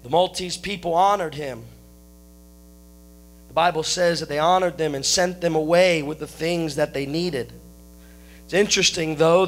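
High-voiced preacher with folksy asides. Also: male voice, fairly bright tone. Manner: folksy, joking asides to the congregation. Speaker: pastor. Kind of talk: sermon.

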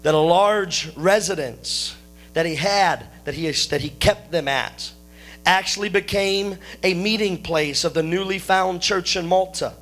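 High-voiced preacher with folksy asides. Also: male voice, a little slow, fairly bright tone, faint music behind. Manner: folksy, joking asides to the congregation. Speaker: pastor. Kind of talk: sermon.

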